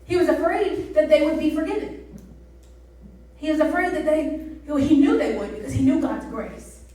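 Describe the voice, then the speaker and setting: A woman preaching a youth sermon, telling a story in a chatty, animated way and asking the crowd questions. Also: high voice, normal speed. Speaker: youth pastor. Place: church service hall. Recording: roomy echo, mic from a distance.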